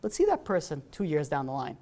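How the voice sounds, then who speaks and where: A man's voice: a little high, fast talker. A man, a rabbi giving a holiday sermon in a synagogue, telling stories and acting out the people in them in a loose, conversational way with frequent fillers. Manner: animated storyteller, voicing characters in dialogue. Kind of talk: holiday sermon with acted-out anecdotes.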